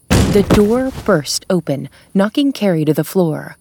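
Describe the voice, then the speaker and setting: A woman narrating a suspense audiobook in a steady, measured way. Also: lowish voice, noisy background.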